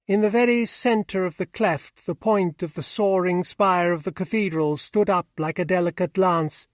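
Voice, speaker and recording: Male audiobook narrator, steady even delivery, fairly high voice, dry close studio mic. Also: moderate pace, no echo. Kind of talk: scripted narration.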